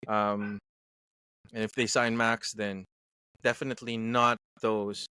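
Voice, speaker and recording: A man's voice: on the low side, pushed and bright, slight background noise. A man from Canada co-hosting a podcast, talking in casual chat in a hesitant way with frequent fillers. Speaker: podcast co-host.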